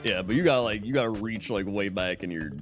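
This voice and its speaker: A man's voice: fairly low pitch, fast talker, over music. A man streamer chatting casually and telling stories, laughing often. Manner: laughs often, animated storytelling. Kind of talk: casual chat on a livestream.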